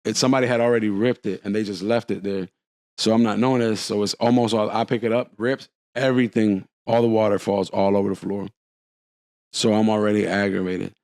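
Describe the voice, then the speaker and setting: A man's voice: fairly low pitch, steady tone, a little fast, darkish tone, no room sound. A man telling a long story on a casual podcast, acting out the quotes.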